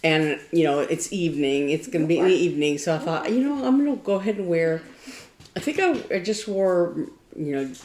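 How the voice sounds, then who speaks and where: A woman with a notably low voice co-hosts a casual craft podcast. She tells stories in a meandering, thoughtful way. The room around her sounds echoey. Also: fairly quick, darkish tone. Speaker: podcast co-host. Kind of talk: casual chat.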